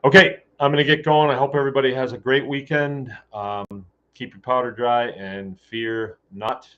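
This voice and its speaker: A man's voice: medium pitch, steady tone, moderate pace, pushed and bright. A man hosting a casual talk show, speaking in a blunt, joking and rambling way. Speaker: host. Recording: dull lo-fi recording.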